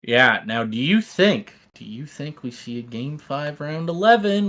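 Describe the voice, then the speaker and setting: A man calling an esports match play by play, with rapid, excitable calls that rise to shouts at big plays. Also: fairly high pitch. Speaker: esports caster. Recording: game gunfire audible behind the voice.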